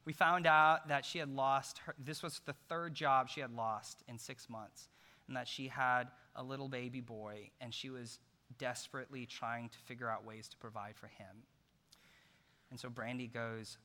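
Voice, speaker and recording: A middle-aged man preaching a sermon as pastor, telling a story and swinging between loud emphasis and hushed, soft passages. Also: medium pitch, fairly even intonation, normal speed. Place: large church hall. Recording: long hall reverb.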